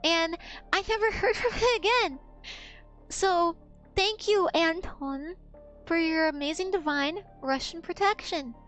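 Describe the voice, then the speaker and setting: A woman's voice: extremely high pitch, unhurried, a bit bright, soft background music. A woman streamer telling a story in a blunt, profane, rambling way. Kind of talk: casual storytelling on a gaming stream.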